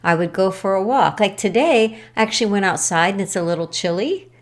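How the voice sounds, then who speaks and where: A woman co-hosting a podcast, talking casually and thoughtfully, pausing to search for words. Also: medium pitch. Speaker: podcast co-host. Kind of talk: casual chat.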